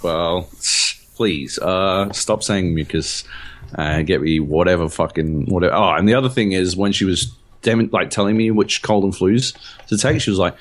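Low-voiced man, rambling and profane. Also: normal speed. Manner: rambling, profane storytelling with many fillers. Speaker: podcast co-host. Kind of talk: casual chat.

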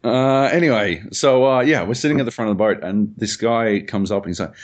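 A man's voice: lowish voice, brisk. A young man chats casually on a podcast. He rambles through anecdotes, swears freely and breaks into laughter often. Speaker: podcast co-host. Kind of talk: casual chat.

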